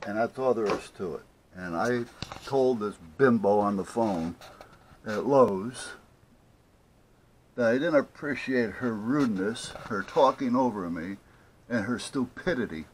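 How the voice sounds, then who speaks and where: A man's voice: fairly low pitch, lively intonation, a little slow, a little hiss or hum. An older man telling an annoyed story to camera, indignantly acting out both sides of a phone call. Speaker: vlogger. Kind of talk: casual ranting story to camera.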